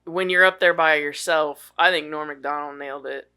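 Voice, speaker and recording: A man's voice: on the high side, steady tone, normal speed, pushed and bright, smooth. A man co-hosting a podcast, giving blunt, profane opinions in casual chat. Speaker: podcast co-host.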